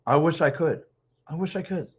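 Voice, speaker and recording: Man in his fifties, podcast host, blunt, excitable, raised voice, muffled lo-fi sound. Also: on the high side, moderate pace, breathy edge. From Philadelphia. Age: 50s. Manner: excitable, blunt, repeats himself. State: coughing, dry throat. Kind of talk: solo sports talk reading live comments. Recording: dull lo-fi stream audio.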